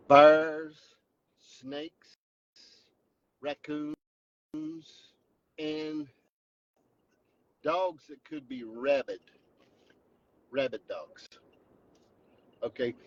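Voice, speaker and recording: Husky man joking mock-dramatically. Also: a little high, lo-fi sound. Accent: Southern US, Appalachian. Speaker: vlogger host. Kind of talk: joking storytelling vlog. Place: in a truck driving home.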